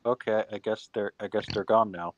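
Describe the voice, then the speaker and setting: A man's voice: on the low side, steady tone, a little fast, no room sound, dull audio. A man hosting a live stream in casual chat, teasing a guest and often repeating his words.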